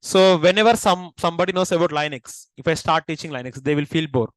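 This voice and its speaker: Indian man, high voice, lecturing a class and quizzing students, dry close recording. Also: fast, no echo, low-quality recording. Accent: Indian English. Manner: asks the class questions and repeats key points. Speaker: teacher.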